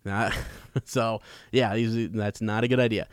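Low-voiced casual podcast man. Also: unhurried, clear, resonant tone, no echo, clean studio sound. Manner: relaxed, rambling, corrects himself mid-sentence. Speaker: podcast host. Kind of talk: casual podcast discussion of a book.

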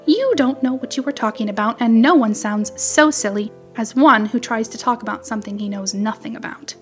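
A fussy, sharp-tongued little wren scolds and chatters in a storybook reading, as a woman puts her on. The voice sits fairly high and stays tart and quick to reprove. Faint music plays underneath. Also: close to an everyday voice. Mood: scolding.

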